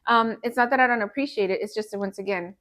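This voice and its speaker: A woman's voice: a little high, quick pace, fairly bright tone. A woman talking earnestly in a casual conversation, often breaking into laughter. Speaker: guest. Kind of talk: casual chat.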